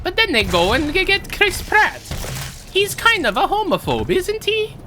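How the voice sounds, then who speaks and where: A man putting on a crass, boastful cartoon plumber voice with bouncy high exclamations. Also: wildly swooping pitch, measured pace, background noise, heavily acted. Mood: teasing. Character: crude boastful male plumber cartoon hero.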